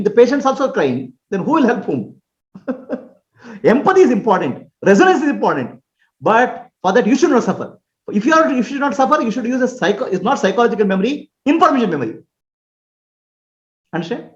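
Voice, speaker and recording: A man teaching as a spiritual teacher in a question-and-answer talk, explaining with homely examples, checking that listeners understand and chuckling often. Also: very high-pitched. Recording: roomy, dull lo-fi recording.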